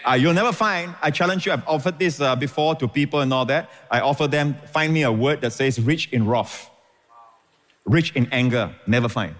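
A man's voice: mid-range voice, big-room sound. A man preaching a sermon as pastor, emphatic and repeating phrases for stress.

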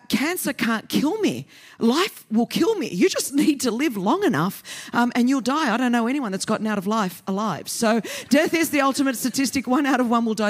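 An Australian woman in her fifties, a guest preacher delivering an energetic, joking sermon in a fast, continuous flow. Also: fairly high pitch. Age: 50s.

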